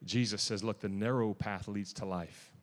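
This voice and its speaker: A man with a fairly low voice delivers a sermon in a church. He talks with zealous emphasis, restarts his sentences and breaks into sudden louder bursts. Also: steady tone, normal speed, long reverb tail. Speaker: preacher. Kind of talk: sermon testimony.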